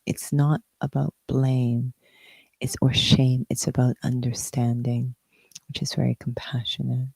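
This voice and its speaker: A meditation teacher explaining spiritual ideas in a reflective conversation, stressing key words and letting phrases fall softly at their ends. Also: mid-range voice, level tone, unhurried, creaky, breathy edge, dry recording.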